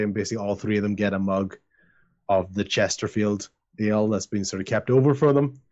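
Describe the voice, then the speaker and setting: A man's voice: on the low side, fairly even intonation, a little fast, a little mellow, dull audio. A man narrating as game master of a tabletop game, rambling with lots of fillers.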